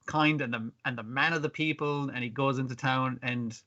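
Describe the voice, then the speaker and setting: A man's voice: medium pitch, fairly even intonation, sharp tone. A man hosting a podcast, recapping episodes in casual chat and laughing often. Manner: chatty recapping, laughs often, quick quoted voices. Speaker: podcast host. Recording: dull lo-fi sound.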